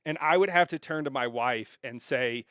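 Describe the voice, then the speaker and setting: A man's voice: medium pitch, normal speed, a bit bright, smooth, dry recording, studio quality. A man hosting a live gaming stream, chatting casually, laughing often and restarting phrases. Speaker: stream host.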